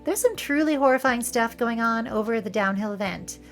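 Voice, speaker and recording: A woman from the San Francisco area of California, with a Valley Girl accent and a voice on the high side, hosts a video essay. She gives playful, wry commentary over film clips with joking asides, at a moderate pace and with faint music behind her.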